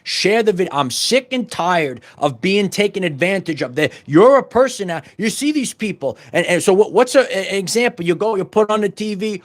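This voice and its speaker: A middle-aged man hosting a podcast, giving a fervent spiritual monologue full of repetitions and stumbling restarts that rises into loud bursts. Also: high voice, expressive, moderate pace, few pauses. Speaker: podcast host.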